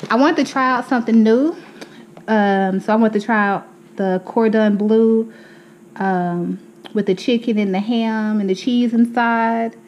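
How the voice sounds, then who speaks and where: A young woman vlogger walks through her grocery haul at home, chatting away, calling her viewers y'all, and sounding slightly out of breath. Her voice is fairly high, steady, and a little slow. The lo-fi recording carries some faint background noise.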